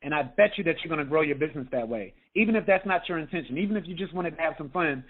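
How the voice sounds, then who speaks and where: High-voiced man on a tinny phone line. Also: rapid-fire. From United States. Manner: energetic, repeats "okay?" often. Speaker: health coach. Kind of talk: motivational talk on a group call.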